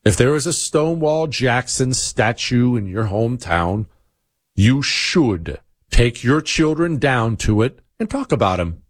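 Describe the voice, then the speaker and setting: A man's voice: medium pitch, very animated, unhurried, no room sound, clean studio sound. A middle-aged man hosting a radio talk show, talking in an emphatic, opinionated monologue and repeating phrases for effect. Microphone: studio mic.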